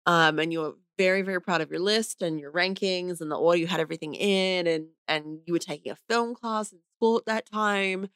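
A woman's voice: on the low side, fairly quick, few pauses, a bit bright, clear, resonant tone, no room sound, clean studio sound. A woman in her thirties from Australia, chatting casually on a podcast and laughing often. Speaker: podcast guest, host's wife. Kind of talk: casual chat.

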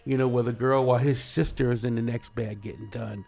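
A man's voice: mid-range voice, steady tone, fairly quick, gravelly, darkish tone. Middle-aged guy telling a story on a morning show, laughs a lot, acts out the quotes. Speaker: guest. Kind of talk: casual storytelling chat.

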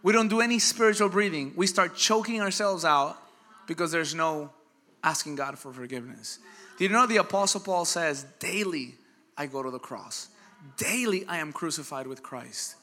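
Middle-aged guy preaching, high bright voice, super energetic, acts out the voices he quotes. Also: normal speed. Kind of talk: sermon.

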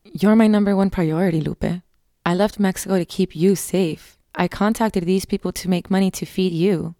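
A woman's voice: fairly low pitch, fairly even intonation, moderate pace, dark tone, dry recording, studio quality, lightly acted. A woman voicing a young woman who earnestly pleads to protect her younger sister. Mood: pleading.

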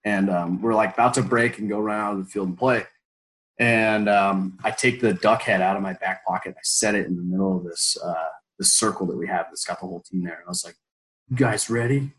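A man in his twenties telling a story as an interview guest, animated and full of fillers, bursting into loud quoted pep talks. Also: on the low side, brisk, rough recording. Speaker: former college baseball player, guest.

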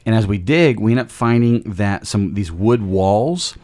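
Deep-voiced man explaining faith lessons. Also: animated, unhurried, darkish tone. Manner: explains step by step with homespun analogies; frequent self-interrupting restarts. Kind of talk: casual faith discussion.

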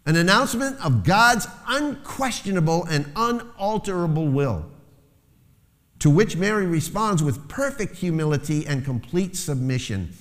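A man's voice: fairly high pitch, lively intonation, a little slow, a bit bright. A man preaching a sermon as pastor, lifting his voice to stress key phrases. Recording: long hall reverb.

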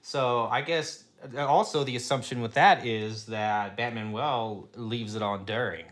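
A man co-hosting a podcast, chatting animatedly about a TV episode and jumping into loud character quotes. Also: mid-range voice, unhurried. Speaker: podcast co-host. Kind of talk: casual chat recapping a TV episode.

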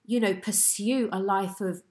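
A woman's voice: medium pitch, steady tone, unhurried, darkish tone. A woman hosting a podcast, responding to her guest in an earnest, reflective way. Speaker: podcast host. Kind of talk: casual conversation.

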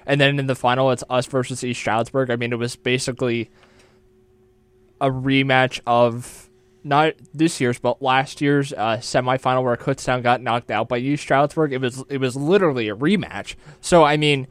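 A young man co-hosting a college radio sports show, chatting excitedly and often restarting his phrases. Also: medium pitch, moderate pace, clear, resonant tone, no room sound. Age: young adult. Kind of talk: casual sports chat.

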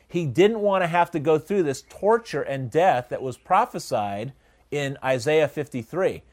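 A man teaching a Bible study in a conversational way, often asking the listeners questions and pausing on "uh". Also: on the high side, expressive. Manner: conversational, asks the audience questions, frequent uh fillers.

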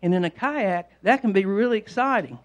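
A man's voice: high-pitched, brisk. A man preaching an informal sermon, rambling and repeating himself as he tells homespun stories. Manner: rambling, repetitive, homespun storytelling. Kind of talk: conversational sermon.

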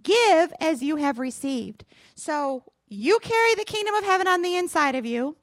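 A woman's voice: sits high, sing-song, normal speed, no echo, clean studio sound. A woman pastor preaching a sermon, moving between prayer and storytelling, earnest and encouraging, often calling on "Father" and "Lord".

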